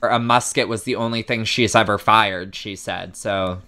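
A man's voice: on the low side, steady tone, normal speed, music in the background. A man casually chatting and laughing while reacting to a horror film, swearing freely. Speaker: reaction channel host. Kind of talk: casual movie reaction chat.

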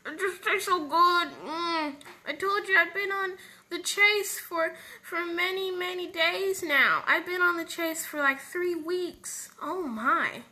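A woman talks through a playful game roleplay, hopping between character voices. Her voice sits high and sounds strikingly bright, and she takes her time with each line. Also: slow pace. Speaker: roleplay narrator voicing characters.

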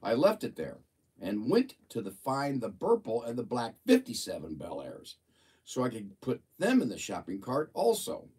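A man's voice: medium pitch, huge pitch swings, normal speed, darkish tone, slightly rough, distant mic. A man hosting a casual livestream, chatting and reading a viewer's report aloud in an amused, playful way. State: a bit of a frog in his throat. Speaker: livestream host.

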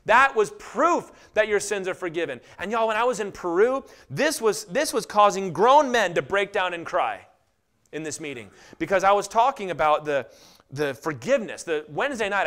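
A middle-aged man preaching a sermon, telling stories animatedly and acting out quotes in lively voices. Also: high voice. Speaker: pastor.

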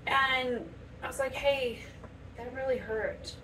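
A woman's voice: high-pitched, takes it slowly, background noise. Earnest woman chatting from a distance. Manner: earnest, conversational, many restarts and quoted speech. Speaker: makeup vlogger. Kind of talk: casual chat to camera while doing makeup. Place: home bathroom.

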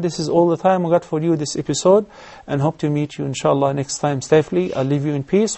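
A man teaching recitation rules on a TV lesson, explaining step by step and chanting verses slowly. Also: on the high side, fairly even intonation, creaky, dark tone. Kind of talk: televised recitation lesson with live callers.

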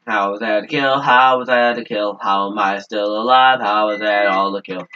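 A man's voice: fairly low pitch, steady tone, normal speed, sharp tone. A man doing hyper gameplay commentary, singing nonsense and swearing at the game. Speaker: gaming video creator. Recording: dull lo-fi mic with faint hiss.

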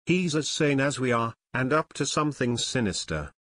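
Male reader doing steady teen boy detective, storybook, firm, mid pitch. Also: moderate pace, no echo, clean studio sound, close to an everyday voice. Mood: determined. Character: older teenage boy detective, level-headed and determined.

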